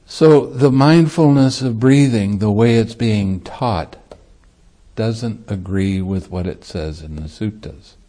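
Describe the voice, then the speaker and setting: Male monk, meditation teacher, dharma talk; slow delivery, mellow voice, easy laughter. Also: lowish voice. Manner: light-hearted, laughs easily while teaching.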